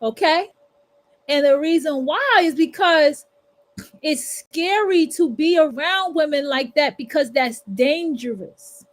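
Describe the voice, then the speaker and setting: A woman talks straight at her listeners in a loose livestream monologue. Her voice sits high, and her delivery is blunt, profane and preachy. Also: slow. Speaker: livestream host. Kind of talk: casual monologue.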